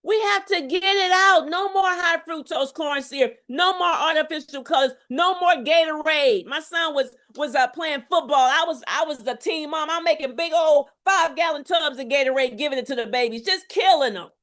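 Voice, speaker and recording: A middle-aged woman with a high, ringing voice, coaching an online audience on health. She talks with preacher-like emphasis, repeats her lines, and keeps checking that her listeners are with her. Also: moderate pace, few pauses, fairly bright tone. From Houston, Texas. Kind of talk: live health challenge talk to viewers.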